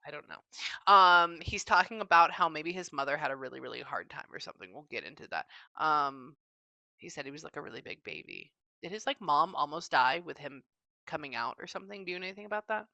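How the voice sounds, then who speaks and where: A woman psychic medium giving a casual reading, talking fast and animated, quoting what spirits say. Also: sits low, vocal fry, dry recording, dull audio.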